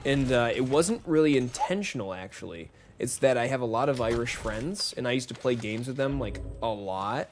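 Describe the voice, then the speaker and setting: A man's voice: medium pitch, expressive, moderate pace, few pauses, noisy background. A man live-streaming a shooter game, chatting casually with viewers and greeting them by name in a rambling, friendly way. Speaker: gaming streamer. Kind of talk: casual live-stream chat while playing.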